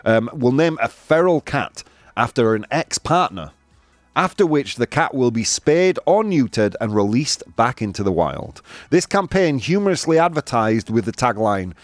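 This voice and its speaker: Male radio host, animated swooping delivery, dry close studio sound, soft music underneath. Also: mid-range voice, moderate pace, dry recording. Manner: animated, laughs often, switches into Spanish translations. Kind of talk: casual radio chat, reading news items.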